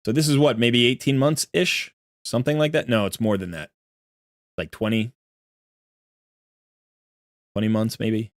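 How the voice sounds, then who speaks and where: A man's voice: medium pitch, fairly even intonation, unhurried, pauses often, no echo, studio quality. A man giving chatty, rambling live-stream commentary as he looks through a viewer's game account, often correcting himself.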